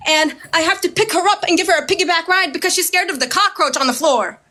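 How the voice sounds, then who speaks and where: A woman ranting straight to camera, loud and heated, swearing constantly and mimicking her critics with sarcasm. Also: very high-pitched, fast. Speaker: social media creator. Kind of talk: ranting direct-to-camera video.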